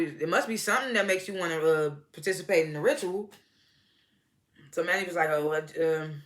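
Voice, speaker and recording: A woman's voice: fairly low pitch, bright, forceful tone. A woman chatting through a recap of a TV episode, retelling the scenes in quoted voices and laughing often. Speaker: TV show reviewer. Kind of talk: casual recap and review.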